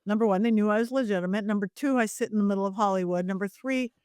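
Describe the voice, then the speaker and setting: A woman's voice: mid-range voice, rapid-fire, clear, resonant tone, no room sound, studio quality. A middle-aged woman, a psychic medium guest, telling stories animatedly and acting out the voices in them. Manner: animated, acts out voices in her anecdotes. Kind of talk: lively storytelling interview.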